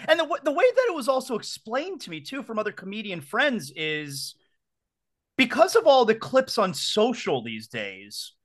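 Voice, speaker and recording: A man's voice: sits high, sing-song, moderate pace. A man hosting a casual talk show, reacting emphatically to his guest. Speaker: podcast host. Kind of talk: casual chat.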